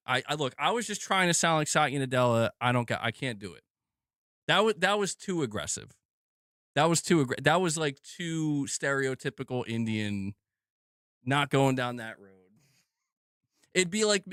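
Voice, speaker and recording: Male gaming-news host, lively swooping delivery, self-mocking and rambling, dry close-mic sound. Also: mid-range voice, moderate pace, no room sound. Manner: rambling, self-mocking, trailing off mid-sentence. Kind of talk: casual commentary.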